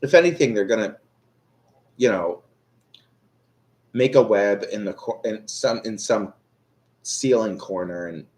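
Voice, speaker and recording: Animated yet a little slow, a young adult man with a lowish, darkish voice pauses often while chatting casually with viewers. He reads tarot on a live stream, and his talk is rambling and self-deprecating, full of fillers and restarts.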